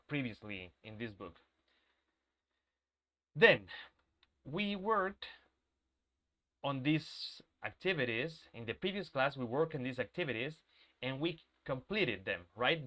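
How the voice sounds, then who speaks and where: This male English teacher has a mid-range, somewhat bright voice with lively intonation and an unhurried pace. Though his throat is sore, he patiently leads a live online class, checking in with students and reiterating key points.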